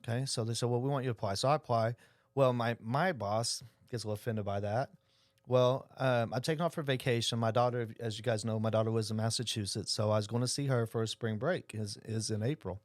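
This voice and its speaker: A middle-aged man speaks as a podcast guest. He rattles through his stories at a brisk clip and acts out each quoted exchange. The sound is close and dry, with no room around it. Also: medium pitch, dry recording. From Oklahoma. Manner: animated storyteller acting out quoted dialogue. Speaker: insurance agency owner, guest. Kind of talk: casual storytelling interview.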